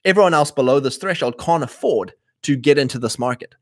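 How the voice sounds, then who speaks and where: A man in a casual rambling monologue, clearing his throat often and acting out quoted voices. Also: medium pitch, animated, brisk, no echo, studio quality. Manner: frequent throat clearing and restarts.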